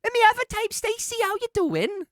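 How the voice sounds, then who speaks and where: A man doing a falsetto Welsh accent to play a delicate, gushing, scatterbrained young woman. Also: very animated, brisk, a bit bright, no room sound, clean studio sound, exaggerated voice.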